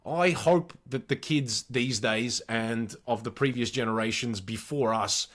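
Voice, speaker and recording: A man's voice: mid-range voice, measured pace, a bit bright. A man in his forties with an Australian accent, co-hosting a podcast and telling stories animatedly with plenty of swearing. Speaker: podcast co-host. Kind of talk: casual storytelling chat.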